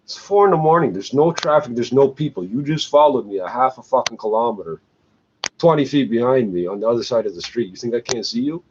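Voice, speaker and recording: Guy ranting and cussing nonstop, sarcastic, mid pitch, kinda muffled lo-fi sound. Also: animated, quick pace, a little mellow. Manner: angry, swearing, sarcastic, laughs between rants. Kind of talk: profane ranting monologue. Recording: muffled lo-fi recording with faint background hiss.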